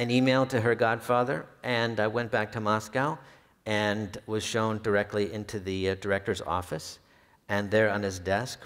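A male historian giving a public talk about his book, telling anecdotes in an easygoing way with occasional filler hesitations. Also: on the low side. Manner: relaxed storyteller with some filler hesitations. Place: library event hall. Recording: long reverb of a hall.

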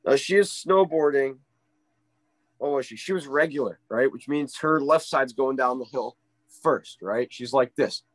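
A man in his middle pitch range tells a story as a ski instructor, animated and quick to check in with "right?". His voice sits close and dry, with no room sound around it. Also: dry recording. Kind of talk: casual storytelling in an interview.

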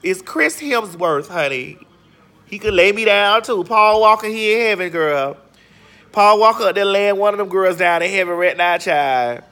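A middle-aged woman hosting a casual gossip chat, sassy and flamboyant with long drawn-out exclamations. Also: medium pitch, expressive, a bit bright. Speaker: vlog host.

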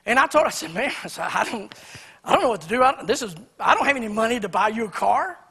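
A man preaching a sermon in a church, swinging between loud emphatic lines and quiet storytelling. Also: high-pitched, very animated, fast talker, slightly rough. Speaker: pastor. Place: church sanctuary.

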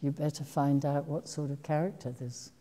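An older actress telling stories from her career to an audience, slow and reflective, with frequent ums and soft laughs. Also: sits low, steady tone. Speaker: actress giving a talk. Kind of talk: anecdotal talk to an audience. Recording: long hall reverb.

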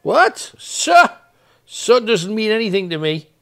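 Slow-paced with vocal fry, a man with a high, fairly bright voice and big pitch swings hosts a ghost hunt. He persistently calls out questions to spirits in an old building at night, coaxing before turning demanding.

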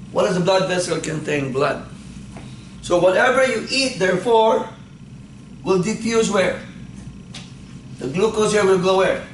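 A male instructor giving a classroom lecture. He keeps asking the class questions and then answering them himself. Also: sits high. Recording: echoey classroom, faint background noise.

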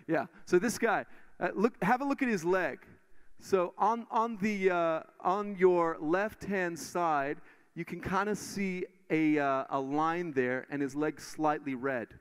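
A man preaching in church and telling testimonies in an animated way, full of restarts. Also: a little high, clear, resonant tone. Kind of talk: sermon testimony. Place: church stage.

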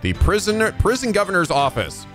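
Male let's-play host, animated and profane, soft game music under him. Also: high-pitched, a little fast. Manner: excitable, profane, laughing. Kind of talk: video game commentary.

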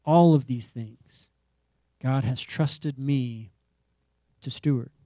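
A male pastor preaching with emphatic, repetitive rhetoric that builds in rising calls. His voice is mellow and warm, recorded close and dry with no room sound. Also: medium pitch, slow, no room sound. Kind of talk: sermon.

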